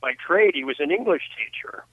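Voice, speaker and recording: A man's voice: a little high, expressive, brisk, slightly rough, no room sound. An older man, an author and guest on a phone interview, telling stories in a reflective way with many restarts. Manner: reflective storyteller with frequent restarts. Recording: tinny phone line.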